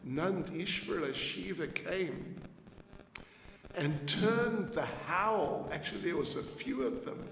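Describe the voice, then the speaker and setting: A man, a monk, telling a devotional story to children in an animated, drawn-out way. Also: on the high side, slight background noise. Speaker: monk giving a Sunday class. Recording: echoey hall, faint ambience.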